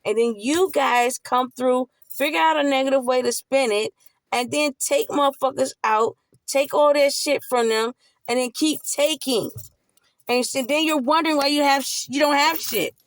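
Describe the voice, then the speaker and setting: Woman cussing her way thru a spiritual rant, gravelly voice, kinda high, dry close mic. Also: moderate pace, no room sound. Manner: blunt, heavy swearing, preachy. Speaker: spiritual vlogger. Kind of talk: profane spiritual monologue.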